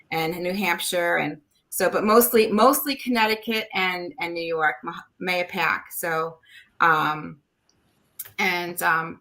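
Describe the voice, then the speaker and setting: A woman's voice: fairly low pitch, sharp tone. A woman from New England chatting casually, rambling with many fillers and restarts. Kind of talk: casual chat.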